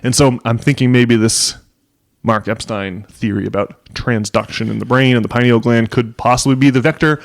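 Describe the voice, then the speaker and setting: A man's voice: mid-range voice, steady tone, normal speed, creaky. A man hosting a podcast in casual chat, rambling with frequent fillers, restarts and chuckles. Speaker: podcast host.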